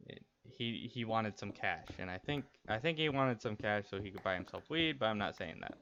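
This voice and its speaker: A man's voice: fairly low pitch, animated, normal speed, pushed and bright. Young man telling a rambling story. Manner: rambling, candid, with frequent restarts. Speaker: streamer. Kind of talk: casual storytelling while gaming. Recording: dull lo-fi stream audio, faint noise.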